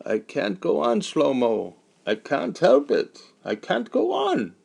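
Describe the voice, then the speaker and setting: A man's voice: fairly high pitch, big pitch swings, slow pace, creaky, voice pushed up, full character voice. A man voicing a once-strong older man, broken and despairing, who pleads in a faltering voice that sinks to a whisper.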